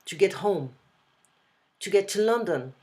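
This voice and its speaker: A woman with a French accent tutoring a student over a video call in a casual one-on-one lesson, explaining slowly and repeating example phrases. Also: mid-range voice, expressive, a little mellow. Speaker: language tutor.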